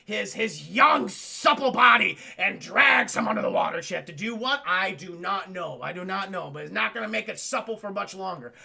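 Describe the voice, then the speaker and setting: A man casually recapping a movie for a live chat, animated, joking and swearing freely. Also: high voice, normal speed, creaky, hardly any pauses, slightly rough. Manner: animated, profane, jokey. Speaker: streamer.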